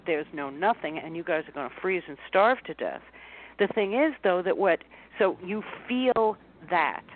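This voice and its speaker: A woman speaking as a guest coach in an interview, animated, acting out a panicked inner voice with big pitch jumps. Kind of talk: interview conversation. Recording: tinny phone-line sound.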